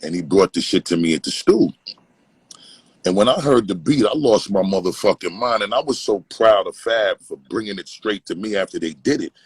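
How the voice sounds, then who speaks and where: A man from Brooklyn, telling animated, profane stories as a guest and slipping into impressions. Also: on the low side, normal speed, breathy edge, no room sound, poor audio. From East Flatbush, Brooklyn, New York. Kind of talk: casual storytelling.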